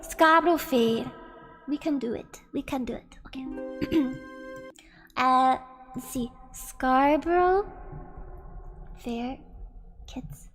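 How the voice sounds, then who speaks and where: A woman's voice: high-pitched, slow, pauses often, a bit bright, big-room sound, soft background music. A woman streamer chatting playfully with her chat between karaoke songs. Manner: chatty, reads chat aloud, playful complaints. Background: karaoke backing track.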